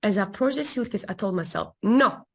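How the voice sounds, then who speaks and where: A woman coach recounting a personal story to an interviewer with expressive, emphatic repetition. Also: medium pitch, quick pace, creaky. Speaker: guest relationship coach.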